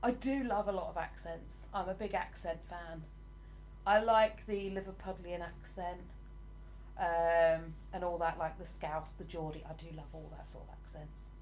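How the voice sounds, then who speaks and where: A woman's voice: fairly low pitch, fairly even intonation, moderate pace, a little mellow, a little hiss or hum. A woman from Hertfordshire with a southern English accent, hosting a casual livestream and chatting back to viewer comments with lots of enthusiasm and laughter. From England (Hertfordshire). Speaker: livestream host. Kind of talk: casual live chat, reading viewer comments.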